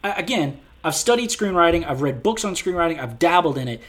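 A man in casual podcast chat, reviewing a film with animated, profane, exasperated rants. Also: a little high, fairly quick.

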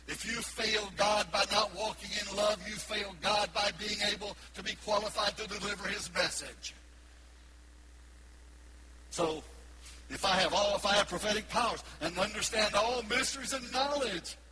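Man preaching with dramatic loud-soft swings. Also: high voice, fairly even intonation, moderate pace, very noisy. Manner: dramatic swings from loud emphatic peaks to hushed asides. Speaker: pastor. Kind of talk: sermon. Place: church sanctuary.

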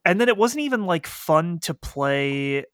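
Casting note: man, higher pitch, bright tone, quick filler-heavy gaming chat, dry sound. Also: sing-song, clear, resonant tone, no echo. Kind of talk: casual chat.

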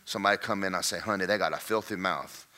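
A male pastor preaching a sermon, swinging from folksy joking asides to shouted, singsong climaxes. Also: low voice, fast talker.

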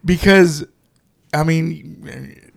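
A man's voice: a little high, extremely slow, vocal fry. A man co-hosting a podcast, chatting casually and bluntly, laughing often and swearing freely. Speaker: podcast co-host. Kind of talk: casual chat.

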